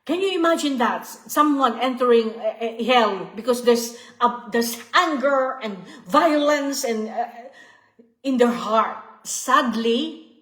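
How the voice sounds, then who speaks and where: A woman's voice: on the high side, lively intonation, takes it slowly, fairly bright tone, reverberant. A woman giving an earnest devotional teaching, often repeating herself and checking in with "okay?" and "you see". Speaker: Bible study teacher.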